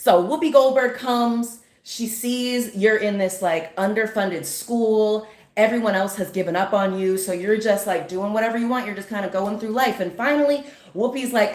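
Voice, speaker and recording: A woman's voice: mid-range voice, moderate pace, few pauses. Chatty woman giving a spiritual pep talk. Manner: chatty and emphatic, checks in with "okay?", slips into singing snippets. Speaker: spiritual motivational speaker. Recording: roomy echo.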